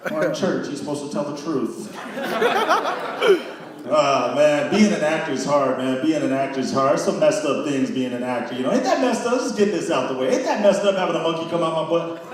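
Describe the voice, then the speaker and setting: A man's voice: a little high, fairly quick. Slangy stand-up man in an echoey hall. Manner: loose, slangy storytelling, acts out friends' voices. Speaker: comedy show host. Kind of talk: stand-up comedy with character bits. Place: church hall with a live audience. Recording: echoey hall, far from the mic, crowd noise. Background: audience laughter.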